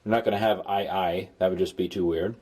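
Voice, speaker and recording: A middle-aged man teaching a recorded Greek lesson, sounding out vowels slowly and repeating them with enthusiasm. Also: low-pitched, fairly even intonation, a little mellow.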